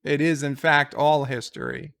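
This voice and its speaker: A man's voice: fairly high pitch, wildly swooping pitch, moderate pace, creaky, a bit bright. A man casually recapping a TV episode as a reviewer, rambling with fillers and quoting lines.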